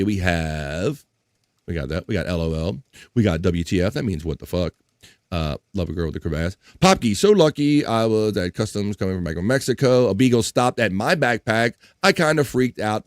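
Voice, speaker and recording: Animated jokey male stream host. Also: fairly low pitch, moderate pace, no room sound, clean studio sound. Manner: animated, jokey, reads chat aloud. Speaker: live-stream show host. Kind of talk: casual news read and chat.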